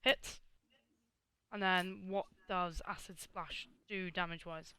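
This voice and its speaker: Bright, clear-voiced woman game master. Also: lowish voice, fairly even intonation, takes it slowly, no echo. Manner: exasperated, swears freely. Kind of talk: running a tabletop game over a voice call.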